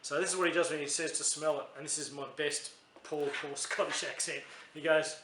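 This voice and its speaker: A man's voice: on the high side, fairly even intonation, a little fast, reverberant, noisy background. An Australian man reviewing a beer in a casual, chatty, rambling way, often correcting himself mid-sentence.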